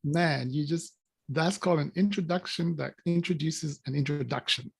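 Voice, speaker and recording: Gravelly high-voiced man, emphatic motivational speaker. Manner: playful, emphatic, laughing, drawn-out catchphrases. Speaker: guest speaker, business coach. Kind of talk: energetic motivational talk on a video call.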